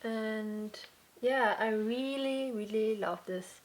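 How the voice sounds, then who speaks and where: A young adult woman with a fairly high voice hosts a casual crafts podcast. She chats unhurriedly, with many fillers and restarts, sounding slightly out of breath at times.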